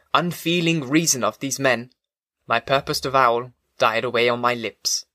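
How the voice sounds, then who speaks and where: A man narrating a classic novel in a measured, dramatic literary reading. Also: medium pitch, sharp tone, dry recording, studio quality. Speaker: audiobook narrator. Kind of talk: scripted narration.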